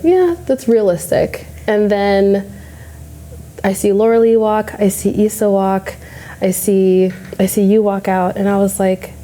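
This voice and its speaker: Mellow-voiced woman telling a story. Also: medium pitch. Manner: animated, acts out her own past thoughts. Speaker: bodybuilding competitor. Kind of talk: casual storytelling.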